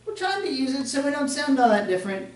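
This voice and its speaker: High-voiced Southern preacher in an echoey church. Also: male voice, very animated, quick pace, distant mic, noisy background. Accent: faint Southern American. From American South. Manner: conversational, joking asides, acts out quoted voices. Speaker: pastor. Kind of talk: sermon. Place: church sanctuary.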